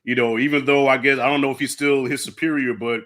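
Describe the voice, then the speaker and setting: A man hosting a casual movie review, animated and profane, acting out lines from the film. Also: mid-range voice, quick pace. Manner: animated, swears freely, acts out lines from the film. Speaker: channel host.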